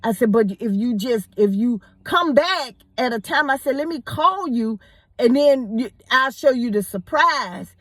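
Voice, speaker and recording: A woman telling a personal story in a casual, animated way, often repeating words as she goes. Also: fairly high pitch, a little slow, no room sound. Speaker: storyteller host.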